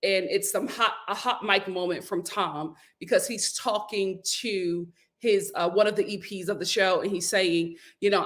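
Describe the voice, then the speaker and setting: A woman with a mid-range voice hosts a casual vlog recapping a reality show. She speaks at a moderate pace with few pauses, offering animated, opinionated commentary and laughing often.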